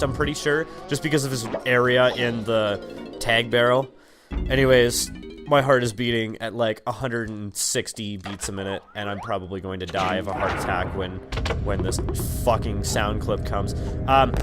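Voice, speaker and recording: A young man giving rambling, casual commentary over his gameplay, full of ums, likes and swearing. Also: medium pitch. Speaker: let's play gamer. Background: game music.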